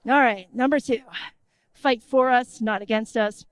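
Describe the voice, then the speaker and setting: A woman giving an energetic conference talk in a conversational tone, often checking in with the audience. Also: a little high, a little slow, no room sound. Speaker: conference speaker. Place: conference stage.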